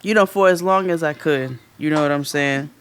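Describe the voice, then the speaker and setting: A man co-hosting a podcast, telling a story in casual chat, animated and profane, acting out what people said in a raised voice. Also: a little high, normal speed, a little hiss or hum. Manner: animated, profane, acts out quotes loudly. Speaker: podcast co-host.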